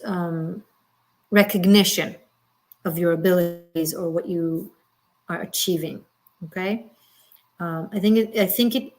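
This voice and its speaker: A woman reading tarot cards on a live stream, her talk rambling and broken by fillers and restarts. She speaks gently and reassuringly, sounds moved almost to tears, and keeps a voice of middling pitch. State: emotional, near tears. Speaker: tarot reader.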